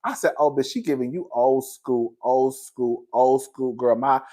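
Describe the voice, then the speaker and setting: Male gossip host, sassy and profane, animated commentary with frequent laughs, slightly tipsy. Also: mid-range voice, measured pace. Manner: sassy, profane, laughs often, acts out loud shouted impressions. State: a little tipsy.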